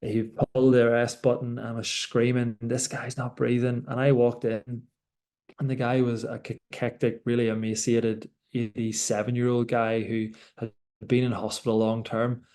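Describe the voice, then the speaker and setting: A young Irish man, a doctor and rower, speaks reflectively in a conversational interview, restarting his sentences often. His voice is mid-range and dark, with a level tone and normal speed.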